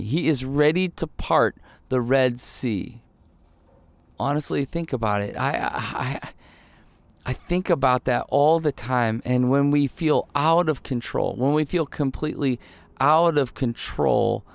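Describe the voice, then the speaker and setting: A man's voice: medium pitch, creaky, dry recording. A man preaching a conversational sermon, telling the story with animation and putting rhetorical questions to his listeners.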